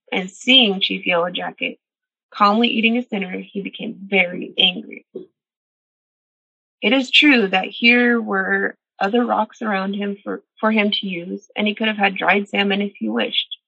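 A woman's voice: medium pitch, creaky, pushed and bright, husky, no echo. A woman storyteller reading a traditional animal tale aloud and reflecting earnestly on its lessons. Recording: dull, dry recording.

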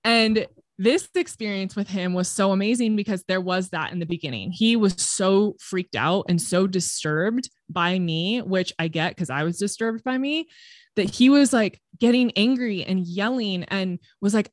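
Frank podcast guest, woman, expressive storyteller who swears casually; dry recording. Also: medium pitch, normal speed, dry recording. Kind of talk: candid conversational storytelling.

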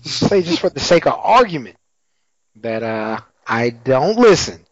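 A man co-hosting a casual chat and animatedly retelling scenes from a TV episode, with quick voices for the characters. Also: medium pitch, big pitch swings, no echo. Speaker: podcast co-host recapping a TV episode. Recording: dull lo-fi recording.

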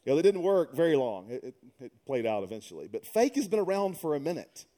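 Pastor guy preaching, joking around then getting fired up, kinda high voice. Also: sing-song, fast, warm tone. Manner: humorous, conversational, builds to emphatic preaching. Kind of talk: sermon.

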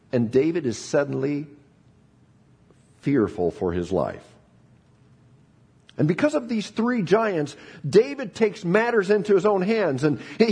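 A middle-aged man preaching a sermon, telling the story in an animated way with frequent restarts. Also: on the high side, breathy edge. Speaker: pastor.

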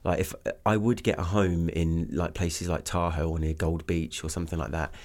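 Very deep-voiced English man. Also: little pitch movement, moderate pace, darkish tone. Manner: rambling, full of fillers and restarts. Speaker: guest, business owner. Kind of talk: casual conversation.

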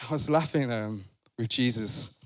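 A man preaching a sermon in a church, animated, playful and conversational. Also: medium pitch, moderate pace. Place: church sanctuary.

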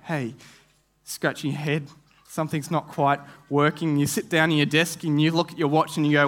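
A man's voice: a little high, level tone, moderate pace, fairly bright tone. A young man preaching a sermon, telling a vivid story with frequent restarts and repeated words. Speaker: guest preacher.

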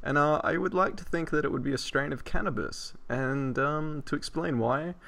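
A man's voice: a little high, moderate pace, creaky, fairly bright tone. A man hosting a late-night podcast, tipsy from wine, chatting crudely and rambling with lots of fillers. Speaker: podcast host.

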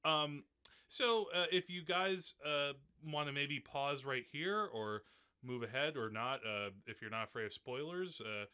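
A man's voice: a little high, unhurried, bright, forceful tone, clean tone. A male podcast host in a casual film discussion, talking in a chatty way with many fillers and frequent laughs.

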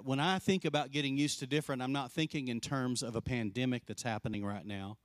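A man preaching a sermon as pastor, telling a story with lively acted-out quotes and dropping soft and slow to drive points home. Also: mid-range voice, no echo, clean studio sound. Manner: animated storyteller, acts out quoted voices; drops soft and slow for emphasis.

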